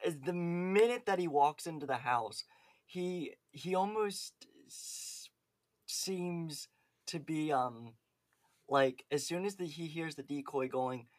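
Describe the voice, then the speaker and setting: A man's voice: a little high, slow, dry recording. A man co-hosting a podcast in casual chat, rambling with lots of "like" and "um". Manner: rambling, filler-heavy with many "like"s. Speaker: podcast co-host.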